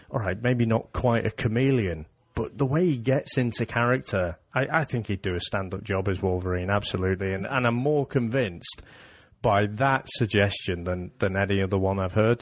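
A man co-hosting a TV review podcast, giving measured, thoughtful opinions. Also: medium pitch, no echo. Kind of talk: casual review chat.

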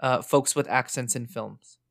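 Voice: mid-range voice, fairly even intonation, measured pace, creaky, no room sound, studio quality. A podcast host chatting casually and earnestly, rambling with frequent fillers.

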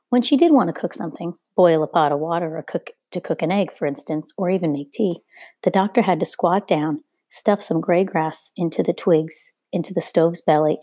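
A woman reads a children's novel aloud at a steady storytelling pace, sometimes correcting a slip. Her voice is low, mellow and husky. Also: moderate pace, no echo. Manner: steady storytelling, occasional rereading slips. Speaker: reader.

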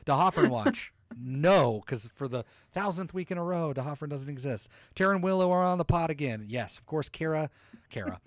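A young man co-hosting a podcast in casual chat, animated and sarcastic, swearing freely. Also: a little high, moderate pace, no room sound, clean studio sound. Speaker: podcast co-host.

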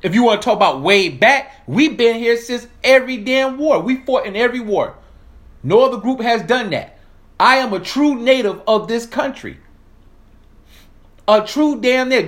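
A man's voice: very high voice, lively intonation, normal speed, fairly bright tone. A man from the South, delivering a heated, profane political rant straight to his audience. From American South. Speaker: political commentator. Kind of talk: ranting monologue.

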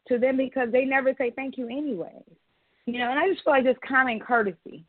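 A woman tells her story in easy casual chat and swears without holding back. Her voice sits a little high. The sound is dry and thin, like a phone line. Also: fast, dry recording. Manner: candid storytelling, swears freely. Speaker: podcast co-host. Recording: dry tinny phone-like audio.

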